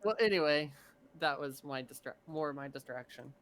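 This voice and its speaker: A man playing in a tabletop game, chatting casually and playfully in quick bursts. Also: on the high side, fairly bright tone. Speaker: player.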